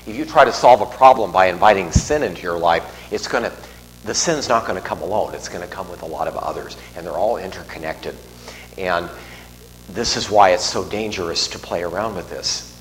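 A middle-aged man, a priest, giving a homily in a conversational, digressive way with restarts and asides. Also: low voice. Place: church. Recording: long reverb in a large church, faint hum.

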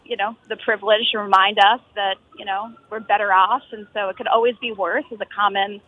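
A woman's voice: medium pitch, fairly even intonation, a little fast. A woman guest in a casual chat, joking and ironic, heard over a lo-fi call. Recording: lo-fi call audio.

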